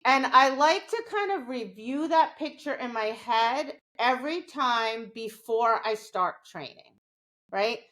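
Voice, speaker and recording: A woman's voice: a little high, lively intonation, takes it slowly, fairly bright tone. A woman co-hosting a podcast, explaining dog training in a casual, conversational way and often checking in with "right?".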